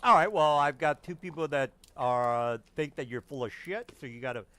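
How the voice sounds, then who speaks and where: A man's voice: a little high, moderate pace, sharp tone, slight background noise. A man narrating as game master, casual and profane with lots of fillers.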